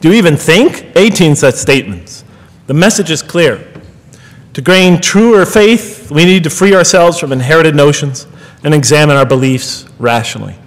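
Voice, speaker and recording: A man's voice: fairly high pitch, animated, moderate pace. A middle-aged man giving a public lecture, earnest and rhetorical, with wry asides to his audience. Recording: long hall reverb.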